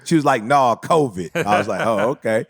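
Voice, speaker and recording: A man co-hosting a casual podcast chat, telling stories in a lively, slangy way and acting out other people's lines. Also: mid-range voice, a little fast, no room sound, clean studio sound. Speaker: podcast co-host.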